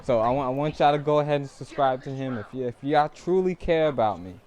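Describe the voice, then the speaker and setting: A man's voice: mid-range voice, quick pace. Laid-back young man hosting a stream. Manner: laid-back, breaks into laughter and loud bursts. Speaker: stream host and boxing commentator. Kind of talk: casual live-stream chat.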